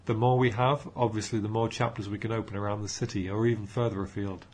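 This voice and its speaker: A man's voice: fairly low pitch, fairly even intonation, fast, darkish tone, lightly acted. A man reading an audiobook, voicing an eager, upbeat young man rousingly addressing a room. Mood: enthusiastic. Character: young male group leader, eager and upbeat.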